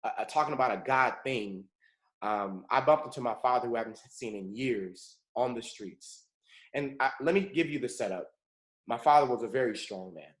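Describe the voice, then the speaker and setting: Man from California, earnest motivational storyteller, mid-pitched voice, roomy echo. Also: normal speed. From Pomona, California. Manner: earnest, often addresses listeners as folks and checks in with okay. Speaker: mentor leading a morning call.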